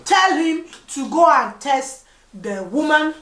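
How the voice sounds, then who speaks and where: A woman's voice: high-pitched, expressive, takes it slowly, fairly bright tone. A woman hosting a podcast in casual chat, reacting bluntly and swearing freely. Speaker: podcast host. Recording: echoey room, distant from mic, faint noise.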